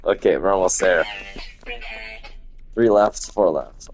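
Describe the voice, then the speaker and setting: A man giving low-key, casual commentary while playing a video game on stream, muttering to himself as he goes. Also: slow pace, a little mellow, soft background music. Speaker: gaming streamer.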